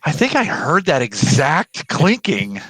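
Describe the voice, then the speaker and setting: A man co-hosting a podcast who reads listener comments aloud and agrees warmly with his partner. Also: fairly high pitch, huge pitch swings, measured pace, slightly rough, dry recording. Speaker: podcast co-host. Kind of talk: casual podcast chat.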